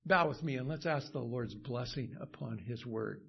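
A male pastor leading a prayer and telling a story in a sermon, halting with many fillers and restarts, growing animated as the story builds. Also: mid-range voice, creaky, breathy edge, dull audio. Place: church.

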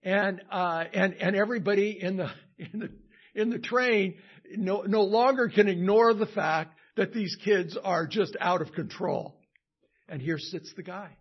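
A male pastor with a slightly high, husky voice preaches in church. He tells his story haltingly, with plenty of fillers and restarts. The recording sounds dull and lo-fi. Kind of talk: sermon with prayer and storytelling.

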